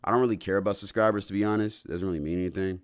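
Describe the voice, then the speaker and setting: A man's voice: deep voice, steady tone, racing, clear, resonant tone. A young man chatting casually on a livestream, answering his chat in a loose, slangy, rambling way full of restarts.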